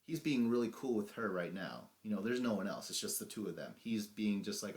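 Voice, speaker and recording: Male podcast host, lowish voice, animated recap storyteller who swears casually. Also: brisk. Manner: animated retelling, acting out quotes, laughs often, swears.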